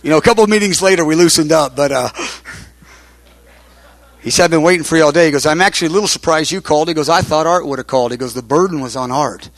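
A man preacher telling a personal testimony, retelling conversations line by line in a halting storytelling way, often restarting his words. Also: fairly high pitch, fairly bright tone, no echo. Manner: retells conversations with many quoted lines.

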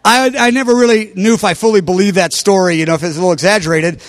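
High-voiced man preaching, dry sound. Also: quick pace, no room sound. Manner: animated, bursts into loud exclamations. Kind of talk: sermon testimony storytelling.

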